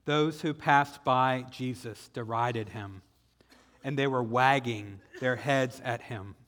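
Bright-voiced Southern pastor in an echoing hall. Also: male voice, medium pitch. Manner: dramatic retelling, slowing for emphasis. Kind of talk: sermon. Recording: echoey hall with long reverb.

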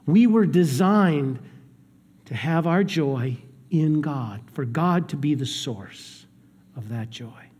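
Guy preaching slow, kinda higher voice, big echo from the church hall. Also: expressive, slightly rough. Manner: dramatic swings between hushed and raised delivery. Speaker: pastor. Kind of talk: sermon. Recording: long hall reverb.

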